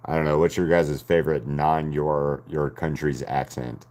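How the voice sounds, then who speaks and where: An American man with an extremely deep, low voice chats casually with his viewers while he draws. He rambles from one thought to the next and breaks into laughter often. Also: fairly even intonation, moderate pace, a little mellow. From United States. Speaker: artist streaming to chat. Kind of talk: casual chat while drawing.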